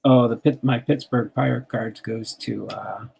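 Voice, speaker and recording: Gravelly husky older man, chatty host. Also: medium pitch, steady tone, a little slow, a little mellow. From New Jersey. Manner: chatty, laughs often, reads out card names. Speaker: host sorting baseball cards on a stream. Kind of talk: casual chat.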